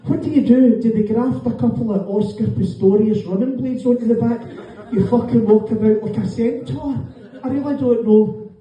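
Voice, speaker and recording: A man's voice: very high-pitched, fairly even intonation, normal speed, warm tone. A middle-aged Scottish man doing a sweary, mocking stand-up set in a comedy club with a live audience laughing. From Scotland. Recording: echoey room, distant mic, dull sound.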